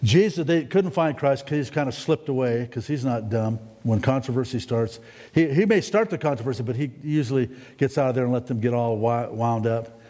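A man preaching a sermon in a folksy, rambling way, often climbing to excited, emphatic peaks. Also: medium pitch, brisk. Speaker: pastor. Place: church sanctuary. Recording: long hall reverb in a church.

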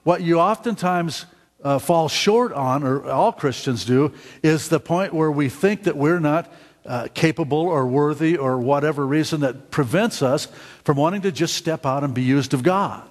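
A middle-aged man preaching a sermon as pastor, halting and repeating words, often asking the congregation questions. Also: on the high side, long reverb tail. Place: church sanctuary.

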